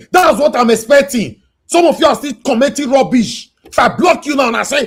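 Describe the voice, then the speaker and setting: Husky Nigerian man scolding his live-stream audience. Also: extremely high pitch, expressive, a little fast, hardly any pauses. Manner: scolding, preachy, rises to shouting. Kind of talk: live-stream moderating and preaching.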